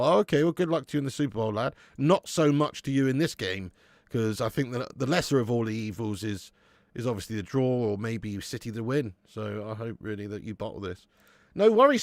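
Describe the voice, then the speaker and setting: He speaks quickly at medium pitch, with no echo on the recording. The man, in his late thirties, hosts a live football watch-along, chatting in a laid-back way with viewers, swearing, and calling them "mate" and "lad".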